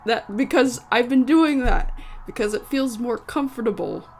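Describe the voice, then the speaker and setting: Faint music plays behind a woman chatting casually on a live stream in a slight American country accent. Her fairly high, expressive, slightly mellow voice moves at normal speed as she rambles, chuckles, and corrects herself.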